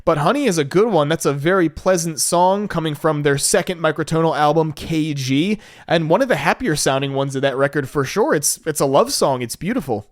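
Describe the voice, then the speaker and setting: A man's voice: fairly high pitch, animated, fairly quick, no echo, clean studio sound. A man hosting a solo podcast in a casual, enthusiastic, laid-back way, with some casual swearing. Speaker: podcast host.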